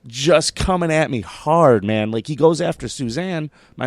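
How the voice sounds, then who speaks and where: A man telling a story as a comedian guest on a casual podcast, animated and swearing, acting out the quotes as he goes. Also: fairly high pitch, moderate pace, no echo, clean studio sound.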